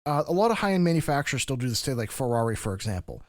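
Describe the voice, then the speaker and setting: A man's voice: medium pitch, very animated, rapid-fire, no room sound, studio quality. A man co-hosting a podcast, explaining history in long, rambling stretches with frequent restarts. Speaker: podcast co-host. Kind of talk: casual podcast discussion.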